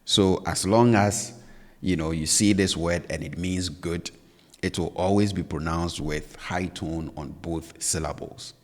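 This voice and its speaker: A patient male teacher with a very low voice explains tones step by step in a language lesson. His speech trails off into a long reverb, as if recorded in a bare, echoing room. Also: steady tone, unhurried. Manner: patient, repeats points with "all right?" and "you know".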